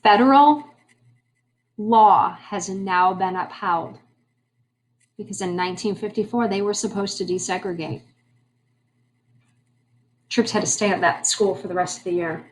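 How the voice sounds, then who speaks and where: A woman's voice: mid-range voice, a little slow, long pauses, slight background noise. Chatty woman teaching a history class. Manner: conversational, asks the class questions, wry asides. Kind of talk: classroom lecture.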